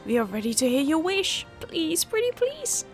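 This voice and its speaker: A woman's voice: extremely high pitch, very animated, normal speed, faint music behind, pitched above the performer's own voice, heavily acted. A woman voicing an eager, bubbly tiny magical wish creature from a video game, with squealy exclamations.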